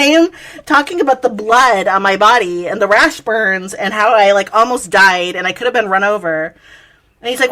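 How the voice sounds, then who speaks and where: A woman's voice: medium pitch, animated, unhurried, pauses often, pushed and bright. A woman co-hosting a podcast, telling a story in casual chat with frequent laughter and swearing. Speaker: podcast co-host.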